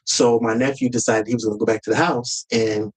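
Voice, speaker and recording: A man's voice: mid-range voice, fairly quick, creaky, husky, poor audio. A man as a podcast guest, telling a personal family story earnestly and with emotion, sometimes acting out heated words.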